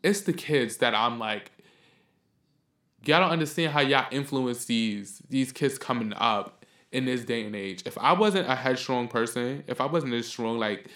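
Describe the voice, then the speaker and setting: A podcast host with a medium-pitched voice speaks unhurriedly in a roomy-sounding space. His casual monologue is full of blunt opinions and heated, heavily profane ranting that flares up loud.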